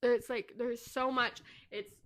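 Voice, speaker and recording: A woman co-hosting a book podcast, retelling a plot in casual, profane, animated chat. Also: on the high side, slow. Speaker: podcast co-host.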